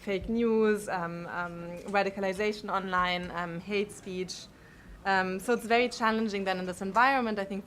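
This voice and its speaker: A woman with a German accent speaking at a conference, measured and full of ums and uhs. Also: mid-range voice, fairly bright tone, slight background noise. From Europe. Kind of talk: conference talk.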